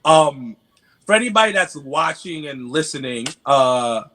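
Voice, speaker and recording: A New York man with a local accent is a guest on a podcast, chatting casually and animatedly while stammering through restarts. His voice is on the high side and a little slow.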